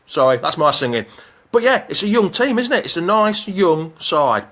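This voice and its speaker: A man hosting a live fan show, reading out viewer comments and chatting in an excitable, jokey way. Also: fairly high pitch, a little fast. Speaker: fan channel host.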